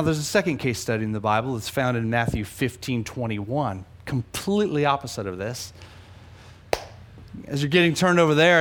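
A man preaching a sermon, animated, swinging between loud emphasis and hushed asides, often repeating words for emphasis. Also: mid-range voice, slight background noise. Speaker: pastor.

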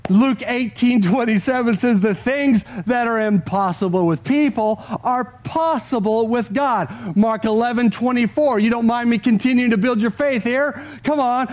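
High-voiced pastor urging his congregation. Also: a little slow, a little mellow. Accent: Texan. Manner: urges the congregation to repeat scripture aloud. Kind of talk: sermon.

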